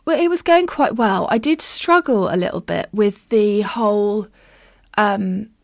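A woman's voice: medium pitch, measured pace, gravelly, no echo, clean studio sound. A woman who hosts a podcast as a medium, telling stories in a candid, self-deprecating, casual way.

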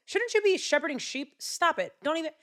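A woman's voice: sits high, sing-song, fairly quick, fairly bright tone, voice pushed up. A woman voicing scornful older brothers in a casual storytelling, talking down in a bossy, mocking tone. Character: scornful older brothers, young men, sneering.

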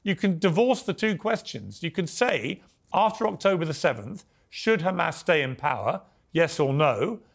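A man moderates a televised debate with a fairly high-pitched voice. He is firm and direct. He cuts in to hold control and keep the argument on his question. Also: very animated, normal speed, gravelly. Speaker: host.

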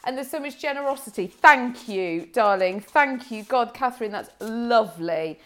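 A woman co-hosting a casual podcast, gushing and effusive. Her voice sits fairly high and swings widely in pitch as she enthuses. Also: lively intonation. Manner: gushing and effusive, quick to laugh. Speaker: podcast co-host. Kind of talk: casual chat.

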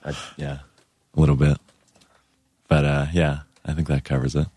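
A man in his thirties, a guest on a podcast, telling stories in a mellow, soothing voice with many fillers. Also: a bass voice, level tone, normal speed, no room sound. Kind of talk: casual storytelling.

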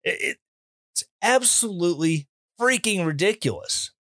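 Sarcastic ranting male commentator, high and lively. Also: measured pace, no room sound, clean studio sound. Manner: animated, sarcastic ranting with mocking mimicry. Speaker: commentary host. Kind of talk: opinion commentary.

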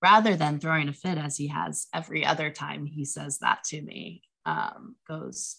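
A woman in her thirties, chatting casually as a podcast co-host, with lots of fillers and animated retellings. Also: deep voice, moderate pace, creaky, hardly any pauses. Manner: chatty, many fillers, animated when quoting her son. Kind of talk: casual chat.

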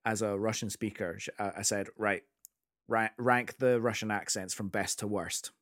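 A man's voice: on the low side, moderate pace, dry recording, studio quality. A man chatting casually about a film, telling stories with lots of restarts. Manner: animated storyteller, many restarts.

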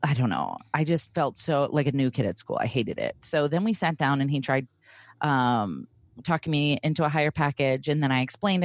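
A woman in her thirties tells a story in a loose, chatty way and lively slips into the voices of the people she quotes. Her voice sits at a middling pitch and sounds dry and close, with no room around it. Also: moderate pace, no echo. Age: 30s. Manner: animated, acts out quoted voices while retelling. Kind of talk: casual storytelling chat.

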